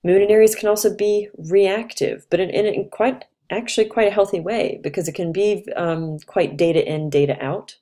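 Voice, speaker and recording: A woman's voice: mid-range voice, normal speed, hardly any pauses, dark tone. A woman astrologer giving a casual, chatty talk, reflective and loose, with fillers and restarts.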